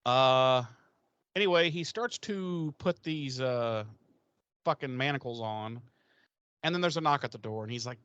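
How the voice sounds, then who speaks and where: A man co-hosting a podcast, casually recapping an episode with crude jokes and quick impressions of the characters. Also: mid-range voice, fairly bright tone, smooth, no room sound, muffled recording. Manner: profane, joking, acts out characters' lines. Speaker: podcast co-host.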